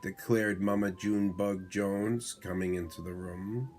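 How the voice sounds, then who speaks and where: Brief: father reading a picture book at bedtime, lower voice, very slow, faint music behind. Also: fairly even intonation, a little mellow. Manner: slow, unhurried reading aloud. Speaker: father reading to his son.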